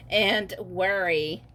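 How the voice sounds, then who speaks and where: A woman doing a casual pick-a-card tarot reading, often laughing and pausing with fillers. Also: medium pitch, fairly bright tone, a little hiss or hum. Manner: giggly, halting with many fillers. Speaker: tarot reader.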